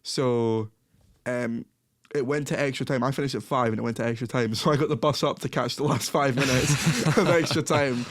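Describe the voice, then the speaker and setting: A man's voice: medium pitch, fairly even intonation, moderate pace, hardly any pauses, no room sound. A man co-hosting a podcast, chatting casually about football, laughing often and correcting himself. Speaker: podcast co-host.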